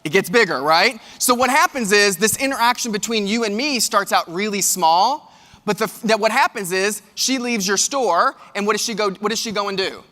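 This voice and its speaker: A man giving a motivational keynote, telling stories in an animated way and talking straight to his audience. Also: high-pitched, moderate pace. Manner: animated storytelling, addresses audience directly. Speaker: keynote speaker. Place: large hall with live audience. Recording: long hall reverb.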